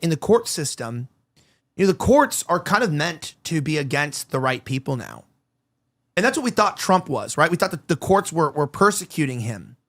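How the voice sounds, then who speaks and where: A man hosting an opinionated commentary show, talking in a rapid, heated, rambling way with many restarts. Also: fairly high pitch, a bit bright. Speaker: show host.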